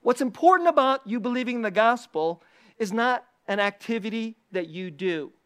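Animated, laughing preacher. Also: medium pitch, normal speed, smooth. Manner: animated, repeats key phrases, laughs often. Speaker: preacher with a weekly video channel. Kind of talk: casual sermon teaching.

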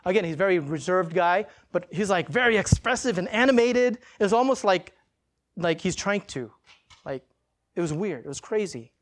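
A male pastor preaching in a church, telling a personal story in a casual, animated way and acting out the quotes. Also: high-pitched, normal speed.

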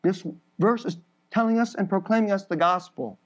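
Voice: medium pitch, moderate pace, muffled recording. A preacher giving an emphatic sermon, building through repeated phrases and laughing briefly between points.

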